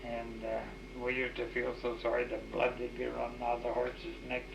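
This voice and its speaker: A man's voice: mid-range voice, completely flat delivery, normal speed, gravelly, noisy background. An older man telling rambling, folksy stories in an oral history interview, full of restarts and "you know". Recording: echoey, dull 1989 tape recording.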